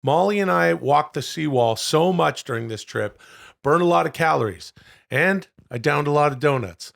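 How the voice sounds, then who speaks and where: A middle-aged man co-hosting a podcast, telling loud, profane stories with bursts of excitement. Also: on the high side, normal speed, gravelly, no echo, studio quality. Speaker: podcast co-host. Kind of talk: casual podcast chat.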